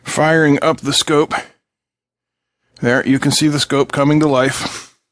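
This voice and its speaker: This electronics channel host works at his bench, soldering and testing a circuit board while casually joking with his viewers. The male voice is on the high side, flat and unhurried, with a fairly bright tone and no echo.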